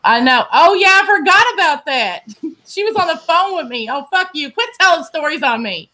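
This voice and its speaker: A woman's voice: high voice, animated, normal speed, bright, forceful tone. A woman, telling stories in a casual, profane chat and laughing often. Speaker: host.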